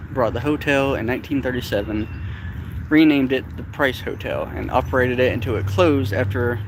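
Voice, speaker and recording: A man on a casual live-stream walking tour outdoors near a river, chatting and reading historical plaques aloud. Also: medium pitch. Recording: outdoor noise behind the voice. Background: river and birds.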